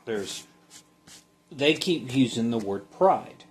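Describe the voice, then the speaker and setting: A man giving a casual Bible study, reading a passage in a halting way and then talking it through conversationally. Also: medium pitch, animated. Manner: slow, halting, reads then comments conversationally. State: sleepy, yawning.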